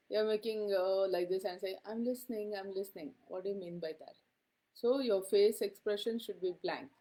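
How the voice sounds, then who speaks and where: A woman's voice: mid-range voice, warm tone. A middle-aged woman giving a classroom lecture, speaking conversationally with many fillers and frequent "okay?" checks to her students.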